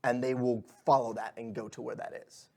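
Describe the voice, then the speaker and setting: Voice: mid-range voice, little pitch movement, brisk, mellow. A game master narrating a tabletop game in a loose, hesitant way with many fillers.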